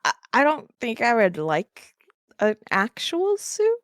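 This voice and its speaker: A woman's voice: on the high side, wildly swooping pitch, slow, dry recording, studio quality. A young woman from New York with a Northeastern US accent, rambling hesitantly with fillers as a podcast cohost in casual chat.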